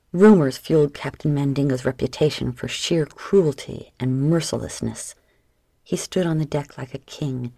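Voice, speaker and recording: A woman giving a measured, dramatic audiobook narration. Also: low voice, mellow, no room sound. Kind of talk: scripted narration.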